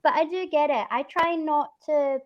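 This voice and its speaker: A woman's voice: high voice, dull audio. Stream host, woman, mixed Scottish-English accent, rambling casual chat. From Scotland. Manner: rambling, chatty, quick to laugh.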